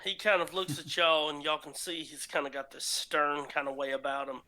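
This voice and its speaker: A man, narrating a tabletop game as game master, slow and halting with many fillers. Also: fairly high pitch, little pitch movement, bright, forceful tone.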